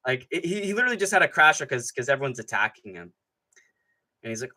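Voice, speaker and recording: A man hosting a live fight-night stream, ranting in a rambling, profane, excitable way and often laughing mid-sentence. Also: high-pitched, fast talker. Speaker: MMA streamer host. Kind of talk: live stream commentary, casual rant.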